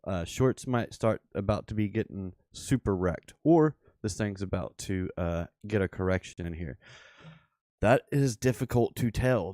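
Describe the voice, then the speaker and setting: A man with a Memphis Southern accent giving casual live commentary over trading charts, rambling and thinking aloud with excited asides. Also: low voice, no room sound, clean studio sound. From Memphis, Tennessee. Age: adult father. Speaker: crypto streamer.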